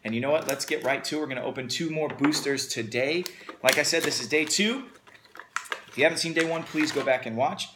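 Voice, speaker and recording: A man's voice: fairly high pitch, fairly quick, noisy background. Upbeat man hosting an unboxing. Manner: enthusiastic, upbeat. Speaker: host. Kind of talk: casual unboxing chat.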